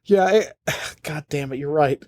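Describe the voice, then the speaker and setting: A young man co-hosting a podcast, trading deadpan, crude jokes in casual banter. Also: fairly high pitch, unhurried. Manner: deadpan, crude jokey riffing. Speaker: podcast co-host.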